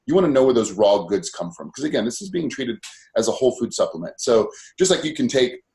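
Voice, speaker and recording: A man's voice: medium pitch, sing-song, fast talker, darkish tone. Earnest man asking rhetorical questions. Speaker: wellness coach. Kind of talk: podcast guest explaining.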